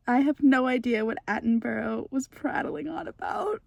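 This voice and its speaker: A young woman in a casual reading vlog reacts to a book, gushing one moment and exasperated the next, laughing and ranting. Her high, gravelly voice moves at normal speed with hardly any pauses, with no room sound.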